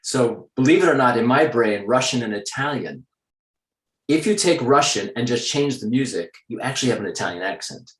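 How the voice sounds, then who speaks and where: A man, an American actor, talking in a casual interview in a measured, matter-of-fact, confident way. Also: mid-range voice, expressive, fairly bright tone, reverberant, low-quality recording. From United States.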